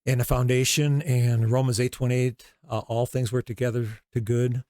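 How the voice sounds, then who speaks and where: Middle-aged man, basketball coach, animated storytelling, dry close sound. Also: medium pitch, normal speed, dry recording. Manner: animated storyteller, acts out quoted dialogue. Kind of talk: storytelling interview talk.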